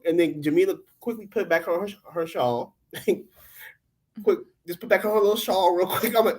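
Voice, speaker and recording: Animated woman retelling a show. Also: fairly low pitch, normal speed, rough recording. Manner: animated storytelling, acting out the quotes. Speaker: podcast co-host. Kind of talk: casual recap commentary.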